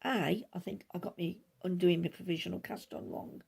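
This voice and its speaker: Chatty middle-aged host, gravelly and a touch husky, rambles fast with asides. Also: female voice, lowish voice, fairly even intonation, a little mellow. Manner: rambling, chatty, talks quickly with many asides. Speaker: knitting podcast host. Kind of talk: casual chat.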